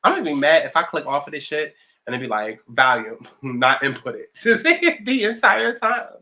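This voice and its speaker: A woman's voice: low-pitched, big pitch swings, moderate pace, sharp tone. A woman around thirty with a New York accent, chatting sassily and with lots of profanity while doing her makeup at home. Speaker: vlogger. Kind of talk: get-ready-with-me casual chat.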